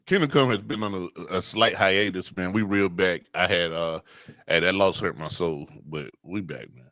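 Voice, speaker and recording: A man co-hosting a sports podcast in loose, casual chat, tossing out dry wisecracks. His voice is bright and forward, recorded dry and close. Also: sits low, normal speed, dry recording. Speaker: podcast co-host.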